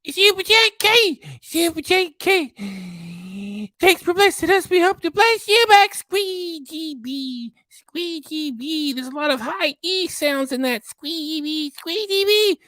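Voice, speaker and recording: A man's voice: very high voice, very animated, slow, pushed and bright, no room sound, clean studio sound, voice pushed up, heavily acted. A man voicing a beckoning lucky cat that thanks donors in a sing-song way, repeating its meows. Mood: chirpy.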